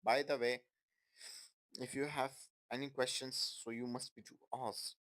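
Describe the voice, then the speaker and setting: A man's voice: mid-range voice, little pitch movement, unhurried, a bit bright, poor audio. A man teaching an English grammar lesson in non-native, broken English. He repeats his example sentences and keeps checking in with "Okay, guys?".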